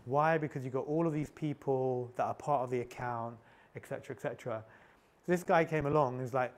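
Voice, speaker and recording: A man's voice: medium pitch, fairly quick. A middle-aged man giving a candid, anecdote-filled talk at a tech meetup, often restarting and repeating words as he goes. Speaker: conference speaker.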